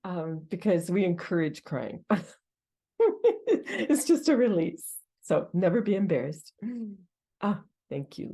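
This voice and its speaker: A woman's voice: on the low side, expressive, slow pace, warm tone. A woman hosting a group meditation session as its teacher. She laughs often and gasps with delight at what people share. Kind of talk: group sharing after a meditation.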